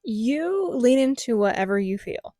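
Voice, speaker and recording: A woman's voice: a little high, a little slow, dry recording, studio quality. Reflective woman hosting a podcast. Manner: steady, reflective, asks questions. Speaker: podcast host. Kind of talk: casual chat.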